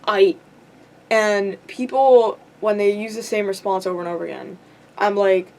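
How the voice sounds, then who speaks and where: A woman's voice: mid-range voice, fairly even intonation, normal speed, darkish tone. A young woman telling a rambling storytime vlog, full of likes and ums and giggling asides. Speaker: vlogger.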